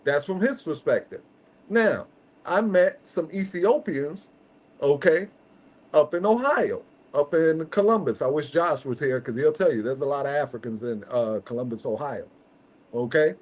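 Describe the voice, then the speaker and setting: A man's voice: a little high, animated, normal speed. A man hosting a casual podcast chat, making emphatic points in slangy, conversational speech and checking in with "okay?" again and again. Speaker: host.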